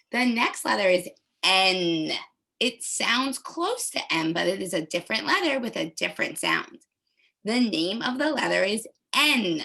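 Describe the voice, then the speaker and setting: A woman leads a phonics lesson for small children, modeling each sound with careful, exaggerated articulation. Her voice is bright and clear, and she moves at an unhurried, deliberate pace. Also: mid-range voice, animated. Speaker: teacher.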